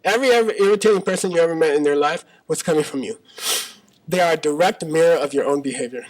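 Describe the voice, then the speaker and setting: High-voiced man teaching a live talk. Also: fast, low-quality recording. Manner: conversational, checks in with the audience with frequent "okay?"; argues by voicing debating partners in questions. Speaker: Buddhist teacher. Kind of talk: live dharma talk to an audience. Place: small auditorium at a live talk.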